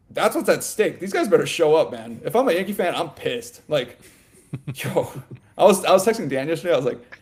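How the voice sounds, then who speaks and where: A man co-hosting a sports podcast, talking in a loose, animated ramble full of "like" and "you know" and quick laughs. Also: medium pitch. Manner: laughs often mid-sentence. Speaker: podcast co-host. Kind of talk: casual sports chat.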